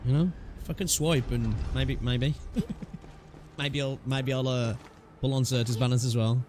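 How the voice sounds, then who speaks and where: A man's voice: medium pitch, steady tone, a little slow, darkish tone, a little hiss or hum. A man streaming a game, chatting casually to his viewers and swearing often. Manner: chatty, swearing, talks to chat. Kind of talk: casual live gaming commentary. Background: faint game music.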